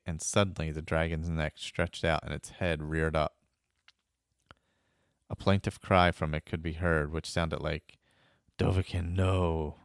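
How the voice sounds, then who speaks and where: A man tells a first-person adventure tale for a podcast, slipping in dry, wry asides. His voice is very deep and smooth. The recording is close and dry. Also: dry recording. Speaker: podcast storyteller. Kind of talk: first-person storytelling narration.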